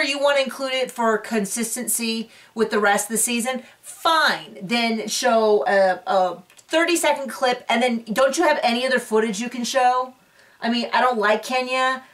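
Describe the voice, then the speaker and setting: A woman's voice: fairly high pitch, a bit bright, recorded from a distance. A woman hosting a casual recap show, chatty and opinionated with sarcastic asides, recorded a bit away from the mic.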